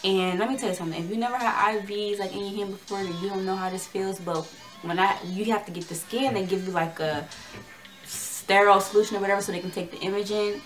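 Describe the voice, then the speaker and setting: A woman's voice: mid-range voice, fast, faint music behind. Chatty young woman vlogger, slangy. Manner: chatty, slangy, acts out dialogue in a lively way. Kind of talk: casual storytelling to camera.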